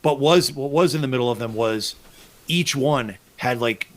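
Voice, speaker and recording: A male podcast host spins long, meandering fishing stories, swearing freely as he goes. His voice sits at an ordinary middle pitch, and he talks in a loose, casual way. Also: normal speed. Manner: profane, rambling storyteller.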